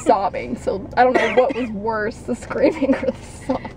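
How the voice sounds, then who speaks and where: Young woman vlogger, bright-pitched, gushing fan chatter, faint hiss behind. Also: moderate pace. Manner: gushing, bursts into loud acted quotes. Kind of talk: excited casual chat. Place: parked car.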